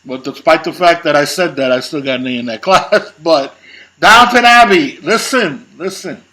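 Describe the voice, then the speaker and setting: A man co-hosts an easygoing chat, pressing his points with repetition and laughter. His voice is bright and slightly high. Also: normal speed, rough recording. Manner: emphatic, repeats words, laughs. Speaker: co-host. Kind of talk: casual chat.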